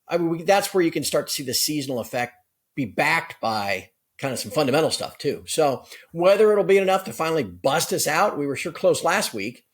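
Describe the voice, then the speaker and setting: A man speaking as a guest analyst in a conversational interview, brisk and explanatory. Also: a little high, lively intonation, slightly rough. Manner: brisk, explanatory, with occasional laughs.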